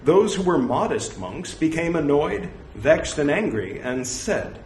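A man recites old scripture at an unhurried pace. His pitch moves a good deal as he reads. The recording sits in an echoey room with a faint hiss behind it. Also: sing-song, darkish tone. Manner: slow, measured reading. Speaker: scripture reader.

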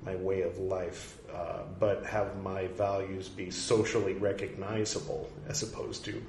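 A man's voice: sits low, level tone, measured pace, a little mellow. A man casually commenting on a reading, rambling and facetious, with frequent asides. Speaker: podcast host reading and commenting. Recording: roomy echo, faint background noise.

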